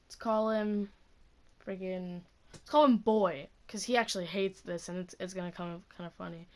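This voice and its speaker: A woman's voice: lowish voice, fairly even intonation, moderate pace, a little mellow. A teenage woman telling a school story in a casual, profane vlog rant, full of "like". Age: teens. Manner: casual, profane, heavy use of "like". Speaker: student.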